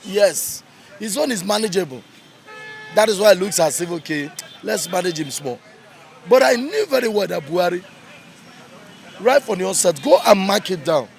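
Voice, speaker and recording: A man's voice: sits high, lively intonation, moderate pace, gravelly, pauses often. Heated Nigerian man ranting outdoors. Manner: heated, ranting, repeats points for emphasis. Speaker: street commentator. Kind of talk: angry street commentary. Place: outdoors in a busy urban street.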